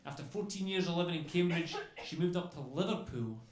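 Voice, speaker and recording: A man's voice: on the high side, lively intonation, brisk, crowd noise. A man doing a stand-up comedy set on a club stage, rambling and chatty, tagging lines with "okay?" and "you know". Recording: echoey club room with faint noise.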